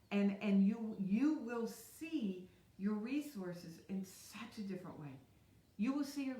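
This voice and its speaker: A woman coaching viewers through a live stream, speaking at a middle pitch in an earnest motivational tone. She circles back to the same questions and calls out to people in the chat. Her voice carries the echo of the room she records in. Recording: echoey room.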